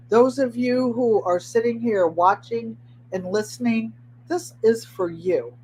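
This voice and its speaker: A woman's voice: fairly high pitch, lively intonation, a little slow, darkish tone, a little hiss or hum. Chatty woman hosting a craft livestream. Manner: chatty, motivational, talks straight to viewers; repeats phrases for emphasis. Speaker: host of a craft channel. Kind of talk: casual livestream chat. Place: at home, indoors.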